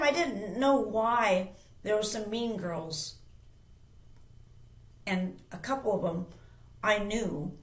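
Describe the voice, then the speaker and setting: Brief: woman host, mid-pitched, emphatic rambling storyteller, echoey room. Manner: emphatic, rambling with restarts and repeats. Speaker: channel host. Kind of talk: casual personal storytelling. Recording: roomy echo.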